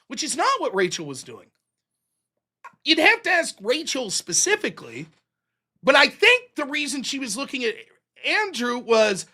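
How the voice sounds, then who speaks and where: A male livestream host in casual commentary, swinging his pitch widely as he rants. His voice is bright and sharp, full of profanity and laughter. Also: normal speed. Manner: animated profane ranting, laughs often.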